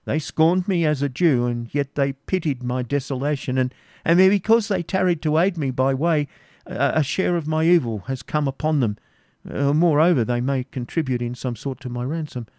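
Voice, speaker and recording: A man's voice: fairly high pitch, normal speed, darkish tone, no echo, voice pushed up, lightly acted. Storybook figure: a frightened, stammering old moneylender, put on by a male reader, raised and strained above the reader's own voice, dry close sound. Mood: pleading. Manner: stammering, pleading.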